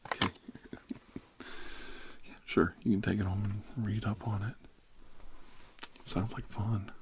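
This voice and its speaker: A middle-aged man in a whispered role-play as a therapist, drifting between soft whispers and a relaxed speaking voice in a rambling, casual way. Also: on the low side, slow, background noise.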